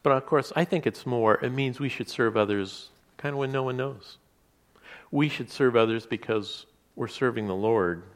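A man preaching a sermon in a relaxed, conversational way, with asides and restarts. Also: medium pitch, moderate pace. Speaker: pastor.

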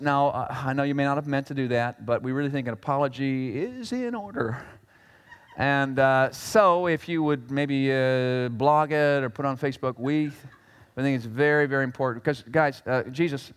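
A man's voice: mid-range voice, moderate pace, smooth, voice pushed down, lightly acted. A preacher voicing a self-important male scribe with wounded pride, who hems and haws with lots of uh and um. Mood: aggrieved. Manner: hesitant, full of uh and um, aggrieved. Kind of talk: acted sermon illustration.

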